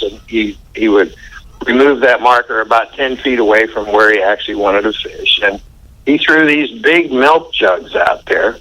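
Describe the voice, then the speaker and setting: A man's voice: on the low side, bright, forceful tone, rough recording. An older man telling a story in an interview, chatty and folksy, chuckling as he recounts. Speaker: interview guest.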